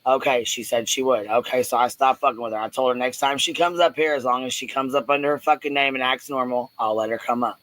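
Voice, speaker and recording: A man's voice: medium pitch, fast, hardly any pauses, a bit bright, poor audio. A man hosting a live audio panel, talking in a blunt, profane and confrontational way. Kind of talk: heated live-stream rant.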